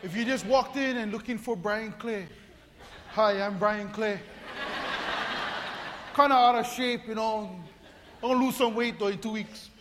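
A man's voice: high-pitched, steady tone, measured pace, pauses often, fairly bright tone, a little hiss or hum. A man, a pastor telling a comic story in a sermon, acting out voices and laughing often. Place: church hall. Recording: long reverb of a large hall.

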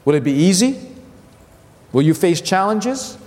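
High-voiced male pastor preaching in a hall. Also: measured pace. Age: 50s. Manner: animated storytelling, repeats phrases, acts out family voices. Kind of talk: sermon. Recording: long hall reverb.

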